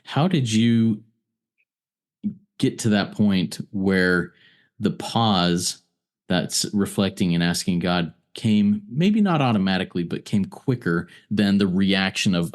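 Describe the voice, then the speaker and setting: A man's voice: low-pitched, expressive, slow. A man hosting a recovery meeting, reflectively summing up a guest's share before asking a question. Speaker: meeting host.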